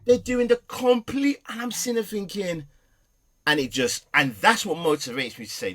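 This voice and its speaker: A middle-aged man, a podcast guest, telling personal stories with passion, swinging between loud and soft. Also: high voice, normal speed. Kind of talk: emotional personal storytelling.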